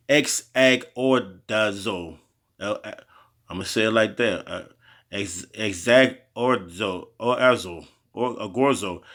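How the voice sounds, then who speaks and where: A man's voice: medium pitch, a bit bright. Man giving a casual slangy Bible lesson. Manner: loose slangy delivery, often tagging "man" and "okay?"; halting over word pronunciations, restarting often. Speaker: street preacher teaching scripture. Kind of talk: informal Bible teaching.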